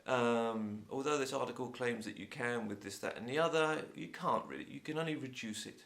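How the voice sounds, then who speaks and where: Gravelly Home Counties Englishman, stuffy-nosed. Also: medium pitch, brisk. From England. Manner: chatty, opinionated, lively. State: sore throat and blocked nose. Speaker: English teacher. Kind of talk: casual talk to camera.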